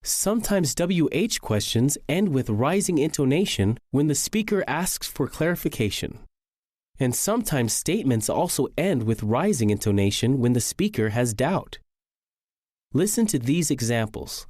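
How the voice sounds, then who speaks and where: A man narrating a scripted English lesson, reading slowly and clearly. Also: mid-range voice, sing-song, a little mellow, dry recording, clean studio sound. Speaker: English teacher.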